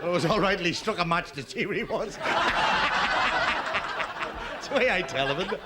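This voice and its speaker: A man telling jokes on stage in a stand-up act, with a deadpan patter and comic voices. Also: high-pitched, normal speed. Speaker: stand-up comedian. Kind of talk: stand-up joke telling to a live audience. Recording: noisy 1970s TV stage recording with audience. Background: studio audience laughter.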